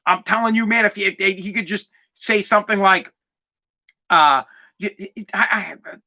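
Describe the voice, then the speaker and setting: Forties guy doing a solo podcast, really bright sharp voice, pumped up and swearing a lot. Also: high-pitched, normal speed. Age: 40s. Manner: emphatic, profane and fired-up. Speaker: podcast host.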